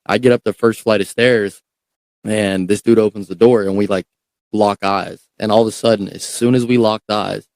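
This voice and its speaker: A young man, a podcast guest, telling a story in a casual, animated way, swearing and repeating words as he goes. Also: lowish voice, normal speed, gravelly, no room sound.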